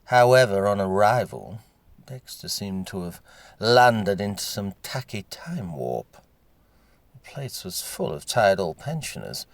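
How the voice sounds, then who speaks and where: A man reading a story aloud, wry and unhurried. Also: low voice, no room sound. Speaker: narrator.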